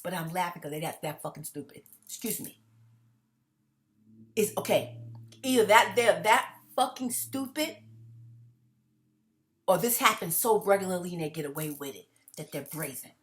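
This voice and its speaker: A woman vlogs directly to her viewers in a casual monologue, rambling with restarts and repeats and cursing bluntly. Her lowish, expressive voice moves at a normal pace, swinging between loud bursts of laughter and hushed tones.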